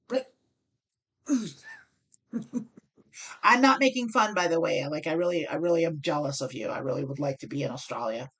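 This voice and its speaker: A woman's voice: sits low, quick pace, hardly any pauses, fairly bright tone. An American woman streaming online poker, explaining her decisions as she thinks aloud and corrects herself. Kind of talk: live-stream strategy commentary.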